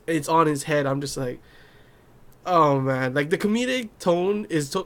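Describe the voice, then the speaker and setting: A young man with a fairly high voice hosts a laid-back anime review. He talks in a loose, rambling way, full of fillers, and slips into acted-out lines from the show. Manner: chatty, loose, filler-heavy, acts out scenes in quoted voices. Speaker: anime reviewer, channel host. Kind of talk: casual video review.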